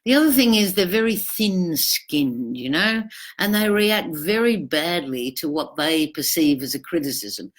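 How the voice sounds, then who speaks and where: A woman, giving an informal talk about relationships. She speaks bluntly and casually, and acts out the lines people say with sudden animated bursts. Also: on the low side, a little slow. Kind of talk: informal spoken talk on narcissism.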